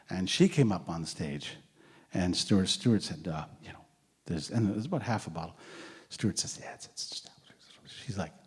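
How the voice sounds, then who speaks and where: Animated storytelling man in a reverberant hall. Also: lowish voice, husky. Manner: animated, acts out quotes, laughs often. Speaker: storyteller sharing memories. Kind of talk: anecdotal storytelling.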